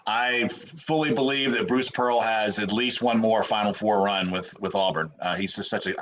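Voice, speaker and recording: Casting: male regular on sports radio, lowish bright voice, hesitant and chuckling. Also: moderate pace, poor audio. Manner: chuckling, hesitant with many restarts. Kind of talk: casual sports radio chat.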